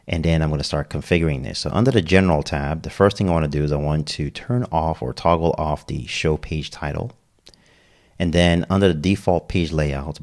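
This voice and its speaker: Very deep-voiced man teaching software. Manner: step-by-step, casual, frequent "okay?" check-ins. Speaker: web design tutor. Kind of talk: screen-recorded software tutorial.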